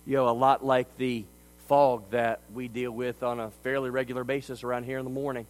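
A man preaching a sermon as a pastor. He delivers it emphatically, swinging between quiet stretches and loud ones. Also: medium pitch, little pitch movement, normal speed, poor audio.

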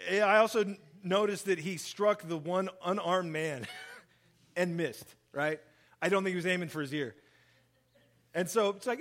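A man preaching a sermon, reading scripture and explaining it in an animated way, acting out the quoted speech. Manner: animated, acts out quoted speech, lively shifts in pitch and volume. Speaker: pastor. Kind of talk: sermon, Bible reading and commentary.

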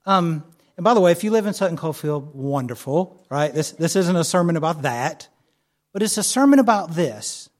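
A man preaching a sermon, telling a personal story in a conversational way with fillers, then slowing and softening into prayer. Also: on the high side, lively intonation. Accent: not local to the church's area. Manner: softer and slower when praying. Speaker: pastor.

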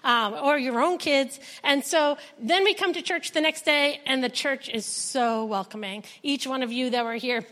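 A woman sharing a personal testimony with a church congregation, telling her story in an animated way and acting out the dialogue, close to tears. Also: high voice, normal speed, hardly any pauses, big-room sound. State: emotional, near tears. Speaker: foster mother sharing a testimony. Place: church service.

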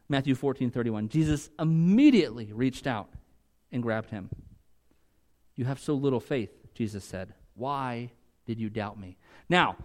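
A man preaching a sermon in a conversational way, moving from loud, emphatic peaks to quiet asides. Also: mid-range voice. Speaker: pastor.

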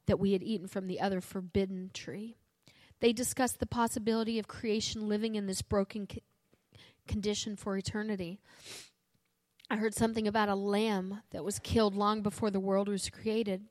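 A woman reading a story aloud in first person, earnest and steady, with a few small restarts. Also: mid-range voice, no echo.

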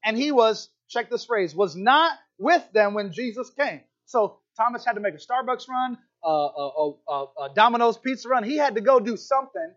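A man preaching a sermon in a church, animated and playful, often checking in with the crowd with "right?". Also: very high-pitched, moderate pace, hardly any pauses, lo-fi sound. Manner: animated, playful asides, keeps asking "right?". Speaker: pastor. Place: church hall.

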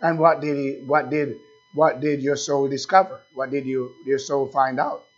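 A man preaching a sermon as pastor, speaking slowly and asking the congregation questions again and again. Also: mid-range voice, fairly even intonation, highs cut off.

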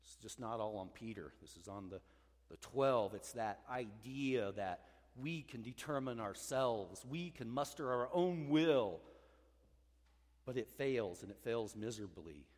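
A male pastor preaching a sermon, swinging between loud urging and hushed, low passages. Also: expressive, unhurried, big-room sound.

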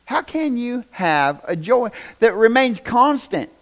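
A man's voice: very high-pitched, takes it slowly. A middle-aged man preaching a sermon in a church, folksy and joking, speaking straight to his congregation. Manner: animated, folksy and joking, addresses congregation directly. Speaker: pastor.

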